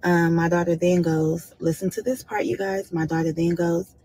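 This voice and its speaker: Husky mom in an interview clip, rambling on, acting out what everyone said. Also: female voice, on the low side, flat delivery, normal speed, darkish tone, low-quality recording. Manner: rambling, retelling conversations. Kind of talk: interview storytelling.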